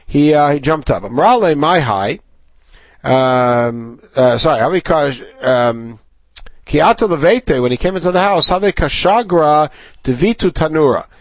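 A man's voice: fairly high pitch, expressive, unhurried, no echo. A middle-aged man teaching a Talmud class, reading Aramaic aloud and paraphrasing it in English, with fillers and self-corrections.

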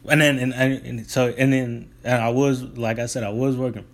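A man's voice: mid-range voice, normal speed. Casual young man telling a story. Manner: rambling, restarts, relaxed colloquial. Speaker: delivery driver.

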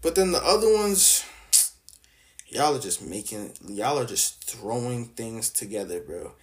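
A man's voice: medium pitch, animated, unhurried. Young adult man from Canada, blunt slang-heavy vlog rant with a mocking edge. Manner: slangy, blunt, mocking, lots of filler words. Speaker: vlogger. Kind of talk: casual opinion rant.

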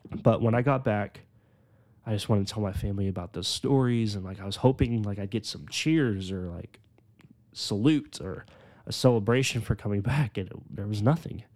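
A man in his twenties telling his personal faith testimony on a podcast, earnest and full of "like"s, slowing down on the heavy parts. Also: fairly low pitch. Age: 20s. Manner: earnest, filler-heavy storytelling with many "like"s; slows down and softens on emotional points. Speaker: podcast host.

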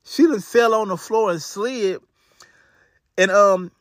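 A man's voice: high voice, slow, a bit bright, no room sound, studio quality. A man telling a true crime story in a casual, slangy way full of fillers.

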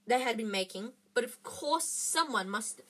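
A woman reading a children's book aloud in an expressive way, with small slips and restarts. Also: on the high side, normal speed. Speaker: reader.

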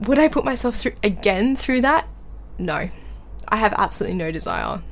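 A woman's voice: mid-range voice, a little fast, vocal fry. A young woman, co-hosting a podcast in casual chat, telling stories with lots of laughter. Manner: animated storytelling, laughs often. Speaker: podcast co-host.

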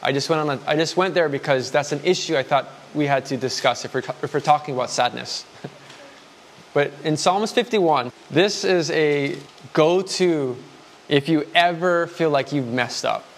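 A man delivering a sermon, his voice sitting a little higher than most men's. He talks frankly and conversationally, swinging into heartfelt quoted prayers and back again. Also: normal speed, a little hiss or hum. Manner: candid, conversational preaching with dramatic quoted prayers. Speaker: preacher.

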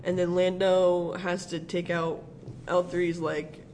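A man's voice: sits high, flat delivery, takes it slowly, a little mellow, slight background noise, rough recording. A man co-hosting a podcast, rambling through a film recap in casual chat and laughing often. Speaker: podcast co-host.

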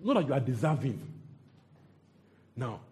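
A man's voice: mid-range voice, big pitch swings, measured pace, darkish tone. A man preaching a sermon, repeating phrases and quizzing the congregation.

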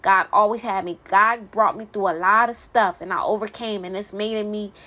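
A woman's voice: medium pitch, steady tone, normal speed, pushed and bright. A single mother venting in a blunt, profane monologue, stumbling and repeating words when heated.

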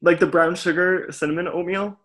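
A young woman as a podcast guest, chatting in an animated way and laughing often. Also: lowish voice, fairly quick. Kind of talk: casual chat. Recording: noisy podcast recording.

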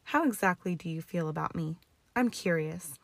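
A woman voicing a cold, arrogant young wizard who taunts in a slow, drawling way. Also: lowish voice, lively intonation, gravelly, no room sound. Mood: taunting.

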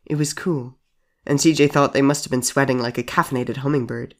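A man narrating a storybook audio drama in a measured, deadpan way. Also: medium pitch. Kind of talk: scripted narration. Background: soft music.

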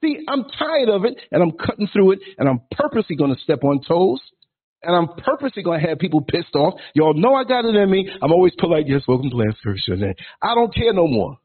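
A man's voice: sits high, lively intonation, quick pace. A man in his sixties hosting a podcast, delivering a blunt, provocative, preachy rant. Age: 60s. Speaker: podcast host. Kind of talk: ranting monologue. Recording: tinny phone-like line.

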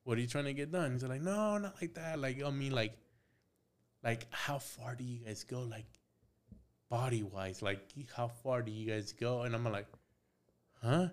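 In casual podcast talk, the young male guest, a tattoo artist, tells a story by acting out each side of the dialogue, with plenty of swearing and some Spanish phrases. He speaks at medium pitch and normal speed.

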